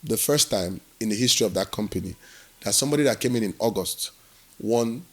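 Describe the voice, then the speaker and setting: A man's voice: fairly low pitch, brisk. A man from Nigeria, telling his work story as an interview guest and acting out the dialogue. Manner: animated storyteller who acts out quoted dialogue.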